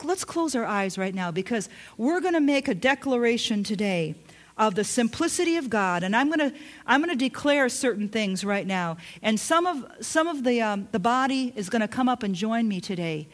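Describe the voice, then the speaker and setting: A woman pastor preaching a sermon in an earnest, emphatic way, slowing into soft drawn-out passages. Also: a little high.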